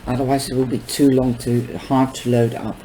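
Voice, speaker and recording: A man reading a novel aloud, unhurried, with small stumbles and casual asides. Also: medium pitch, flat delivery, dark tone, slight background noise, low-quality recording. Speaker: book reader.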